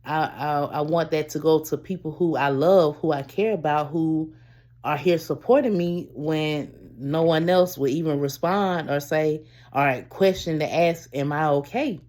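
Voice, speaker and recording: A woman with a low, slightly mellow voice tells a personal story to her camera as a vlogger, rambling and halting. She keeps calling her viewers y'all, trailing off and breaking off to start again.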